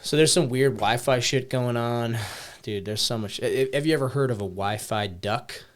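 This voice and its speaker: A man's voice: medium pitch, moderate pace. A man on a casual podcast explaining things loosely, with plenty of fillers and casual swearing. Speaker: podcast co-host.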